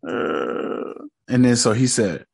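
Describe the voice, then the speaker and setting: A man's voice: medium pitch, expressive, a little slow. A man casually recapping a TV episode in slangy, joking talk, mockingly quoting the characters. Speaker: show recap host.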